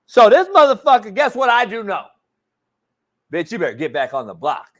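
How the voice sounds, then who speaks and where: Brash high-voiced man ranting. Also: big pitch swings, moderate pace. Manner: brash, loud, mocking, swears constantly. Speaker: sports show host. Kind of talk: profane casual rant.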